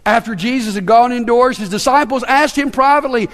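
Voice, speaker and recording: High-voiced pastor preaching in an echoing hall. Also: male voice, expressive, a little fast, few pauses. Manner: earnest, with stammered repetitions. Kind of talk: sermon. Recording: long reverb in a large hall.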